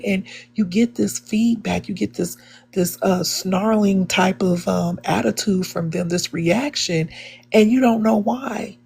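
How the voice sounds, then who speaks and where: Gravelly, husky woman. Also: mid-range voice, moderate pace, a little mellow. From Chicago, USA. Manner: earnest, many fillers and restarts. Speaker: debate participant. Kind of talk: live online debate, personal storytelling.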